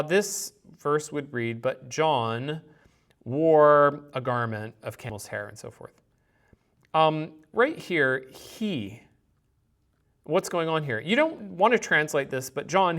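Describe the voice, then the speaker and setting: A man's voice: a little high, vocal fry, a bit bright. A man teaching a recorded Greek grammar lecture, thinking aloud and explaining patiently with examples.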